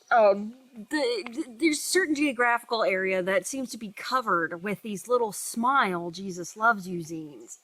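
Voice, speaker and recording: Woman co-host, higher bright voice, dry close sound, jokey asides. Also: dry recording. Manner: joking asides, laughs often. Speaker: podcast co-host. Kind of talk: casual chat.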